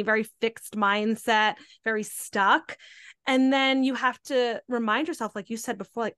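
A young adult woman hosting a casual podcast chat, with a slightly high voice. She talks loosely, leaning on "like" and "right?" as she goes. The sound is dry and close. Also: fast, fairly bright tone, no room sound. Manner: chatty, filler-heavy, frequent "like" and "right?". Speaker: podcast host.

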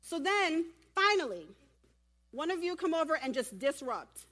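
A woman giving a lively sermon at a church women's event and directing volunteers from the audience. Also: high voice, a little slow. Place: church hall.

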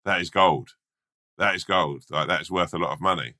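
A man's voice: low voice, a little fast, pushed and bright. A man voicing a wise old male rat who is kindly and eager in a told story. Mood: excited.

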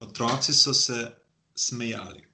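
A male learner translating phrases aloud in a lesson, his voice at an ordinary middle pitch. He hesitates and breaks off mid-phrase, feeling his way toward each translation. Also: unhurried, sharp tone, slight background noise. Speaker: language learner.

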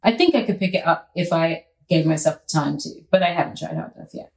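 A woman talks through an interview in an easy, upbeat manner, sharing her thoughts in a casual conversational flow. Her voice sits a touch low. The recording carries a noticeable roomy echo. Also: quick pace, creaky. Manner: relaxed, upbeat and chatty. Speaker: actress and singer, guest.

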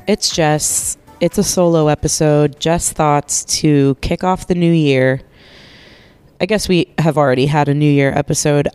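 A woman's voice: low-pitched, darkish tone, clear, resonant tone, no echo. Stuffy-nosed woman podcaster with a cold. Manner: rambling, chatty, swears casually, self-mocking. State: congested with a cold, nasal. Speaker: podcast host. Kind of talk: casual solo podcast chat. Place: living room couch, lying under a blanket. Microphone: podcast microphone held while lying down.

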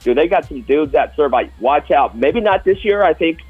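A man co-hosting a casual sports talk show, piling up details with gusto. His voice is husky and a little breathy. The audio is dull and muffled, with faint music underneath. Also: a little high, lively intonation, moderate pace. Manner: enthusiastic, storytelling. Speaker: co-host.

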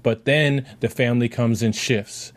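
A man co-hosting a casual talk show, retelling scenes in quoted voices and pitching up high when he argues. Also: steady tone, a little slow. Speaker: co-host. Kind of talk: casual chat.

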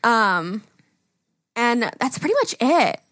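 A woman's voice: on the high side, sing-song, takes it slowly, fairly bright tone, no room sound, clean studio sound. A young woman with a Long Island accent co-hosting a podcast, chatting casually, laughing often and swearing freely. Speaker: podcast co-host. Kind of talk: casual chat.

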